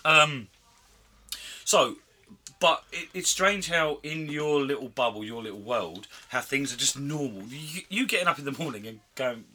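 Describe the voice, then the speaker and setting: A man's voice: mid-range voice, animated, sharp tone. A man co-hosting a podcast, teasing his friends in casual chat. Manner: teasing, quick interjections. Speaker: podcast co-host.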